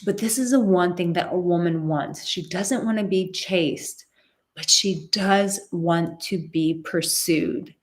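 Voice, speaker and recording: A woman with a fairly low voice giving dating advice in a live stream. She talks emphatically, hammers points home by repeating words and slips into acted snippets of dialogue. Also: slow. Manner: acts out quoted dialogue. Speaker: dating coach.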